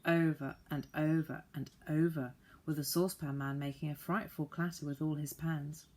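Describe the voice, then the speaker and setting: A woman reads a children's book aloud in a low, deep voice. Her telling is lively and expressive, and she leans into every twist of the story. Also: normal speed. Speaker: audiobook reader.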